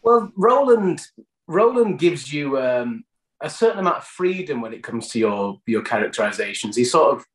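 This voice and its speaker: A man's voice: mid-range voice, sing-song, normal speed, roomy sound, low-quality recording. A British man, an actor, answering interview questions in a chatty storytelling way, often restarting phrases.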